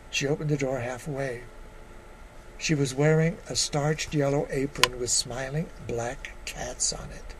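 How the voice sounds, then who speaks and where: The speaker is an eighties-aged guest playwright from California with a mid-range, fairly even voice at normal speed. He responds to interview questions and reads from his memoir, frequently hesitating and repeating words, over poor audio with a little hiss or hum.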